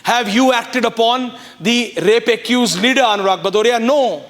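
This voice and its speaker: A man with an Indian English accent anchoring a news debate, talking forcefully and insistently and hammering the same questions. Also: very high voice, moderate pace. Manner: forceful, insistent, repeats commands. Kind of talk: heated debate moderation.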